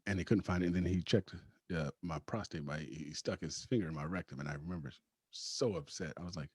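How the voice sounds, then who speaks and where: A man with a husky voice, a podcast guest telling a personal story casually, laughing often and acting out the lines of the people in it. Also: deep voice, a little fast, a little mellow, no echo. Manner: acts out quoted dialogue.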